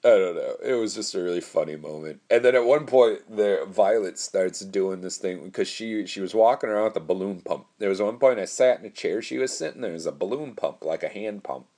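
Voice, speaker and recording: A young man with a very low voice tells a story on his solo podcast. He rambles loosely, swears freely and laughs often as he goes. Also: fairly quick, hardly any pauses, mellow. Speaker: podcast host.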